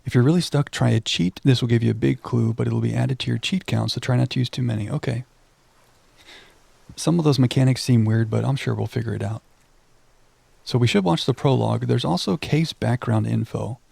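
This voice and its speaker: Young male streamer from Texas, casual commentary, very gravelly, dark tone, dry close mic. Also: mid-range voice, a little fast, no echo. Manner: reads on-screen text aloud, then chats with viewers. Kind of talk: casual let's-play commentary reading game text aloud.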